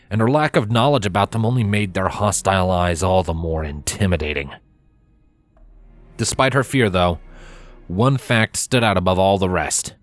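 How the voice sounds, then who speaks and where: A man narrating a fanfiction chapter aloud in steady, expressive storytelling. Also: deep voice. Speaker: fanfiction reader. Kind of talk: scripted narration.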